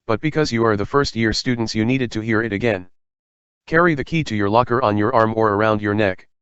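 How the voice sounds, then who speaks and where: A man's voice: medium pitch, clean tone, no room sound, highs cut off, natural voice. Man reading strict bossy prefect girl; stern, commanding, dry close sound.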